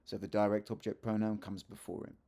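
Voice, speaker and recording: A Spanish teacher gives a video grammar lesson in a warm, level voice on the low side, speaking briskly. He's chatty and corrects himself, adding joking asides as he explains.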